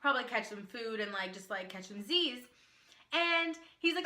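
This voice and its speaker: Bright, bubbly young woman vlogger. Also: on the high side. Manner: animated, fast, full of "like" and acted quotes. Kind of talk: excited storytime chat. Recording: echoey room.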